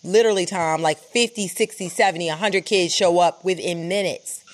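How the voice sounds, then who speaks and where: A woman's voice: fairly low pitch, moderate pace. A woman reporter recounting what she saw in an urgent, emphatic way, with many fillers. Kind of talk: live interview, recounting events.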